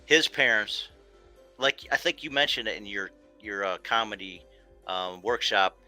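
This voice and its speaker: A man hosting a talk show, easygoing and quick to laugh in casual chat. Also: fairly low pitch, expressive, bright, forceful tone, soft background music.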